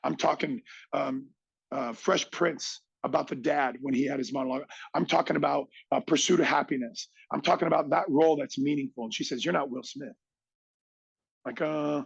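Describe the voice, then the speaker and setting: A man's voice: mid-range voice, normal speed, gravelly, husky, no room sound, lo-fi sound. A middle-aged man, a podcast guest, tells a motivational story with emphatic energy and acts out other people's lines.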